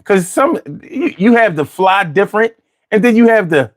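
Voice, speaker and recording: A man's voice: high voice, lively intonation, normal speed. A man telling stories in a casual chat, repeating words as he goes.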